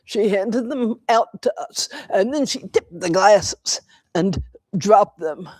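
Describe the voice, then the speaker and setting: An older woman giving a dharma talk in a temple, telling a personal story in a slow, reflective way with pauses. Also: mid-range voice, animated, darkish tone, no room sound. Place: temple hall.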